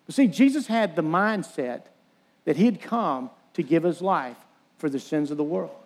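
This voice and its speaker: Earnest male preacher, higher voice, retells scripture and voices the mockers. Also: expressive, normal speed, darkish tone. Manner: earnest preaching, quoting scripture, acting out taunts. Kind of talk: sermon.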